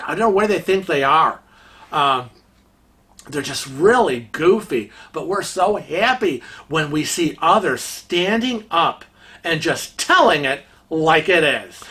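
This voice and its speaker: Slow, bright-voiced man telling a story. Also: high voice. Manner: gossipy, chatty anecdote telling. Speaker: vlog host. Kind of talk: casual storytelling.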